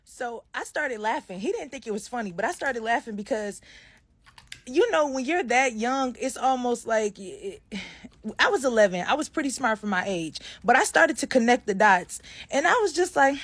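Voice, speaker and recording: A woman's voice: a little high, expressive, normal speed, no echo. A woman from Detroit telling a true ghost story to her followers, chatting straight to viewers and acting out the people in it. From Detroit, USA. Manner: chatty, addresses viewers directly, acts out voices.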